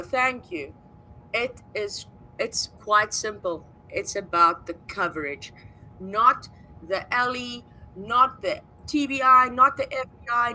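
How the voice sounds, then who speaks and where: Bright, emphatic livestream co-host. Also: medium pitch, a little hiss or hum, low-quality recording. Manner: emphatic, lists points firmly. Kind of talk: casual livestream talk.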